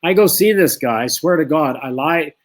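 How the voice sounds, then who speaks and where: A man's voice: fairly high pitch, moderate pace. A man telling a long boxing story in an interview, acting out both sides of the conversations. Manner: lively anecdote-telling, acts out both sides of the dialogue. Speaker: former boxer, guest.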